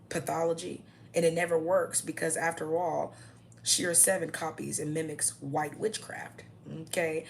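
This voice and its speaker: A woman's voice: low-pitched, gravelly, a little hiss or hum. A young adult woman ranting to camera in a blunt, mocking, profane way, often tagging her points with "okay?". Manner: repeats "okay?" as a tag. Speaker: vlogger.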